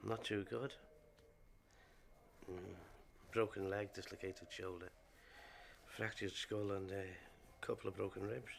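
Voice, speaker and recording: An actor playing a grumbling dad who rants indignantly and talks on the phone. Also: male voice, on the low side, fairly even intonation, a little slow, gravelly, pauses often, a little hiss or hum. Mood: glum.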